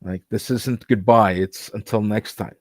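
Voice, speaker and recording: A man's voice: fairly low pitch, steady tone, unhurried, no room sound, studio quality. A man co-hosting a casual chat, giving upbeat sales advice. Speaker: co-host.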